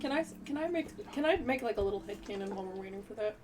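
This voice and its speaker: A woman's voice: mid-range voice, lively intonation, rapid-fire, noisy background. A woman playing a tabletop game, explaining her character in a rambling way full of "like". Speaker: player. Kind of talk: casual tabletop chat.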